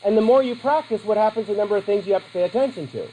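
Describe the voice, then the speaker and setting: A middle-aged man with a fairly high voice lectures a classroom, joking and chatting as he quizzes his students. A faint hiss of background noise sits under the recording. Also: rapid-fire, warm tone, low-quality recording. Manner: joking, conversational, asks the class questions. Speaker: teacher.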